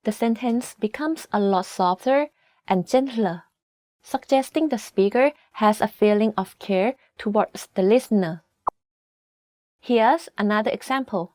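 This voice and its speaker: A woman whose first language is Thai, giving a scripted language lesson with clear, patient explanations and slow model pronunciations. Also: fairly high pitch, a little mellow, no echo, clean studio sound.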